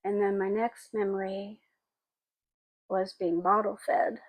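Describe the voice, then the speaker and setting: A woman in her sixties telling personal memories in a halting, reflective, tearful way. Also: mid-range voice, little pitch movement, dry recording, rough recording. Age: 60s. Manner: halting and reflective, with frequent pauses and fillers; tearful and emotional. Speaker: spiritual vlogger. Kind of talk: personal memoir monologue.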